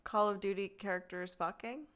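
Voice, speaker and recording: A woman's voice: mid-range voice, fairly even intonation, brisk, a bit bright. Frank, joking young woman podcast co-host. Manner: frank, joking, swears freely. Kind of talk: casual chat.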